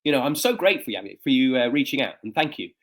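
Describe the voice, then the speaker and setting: Speaking at a quick pace in a medium pitch, this fifty-something coach and speaker recounts personal stories during an interview. His lively storytelling is peppered with fillers and frequent restarts.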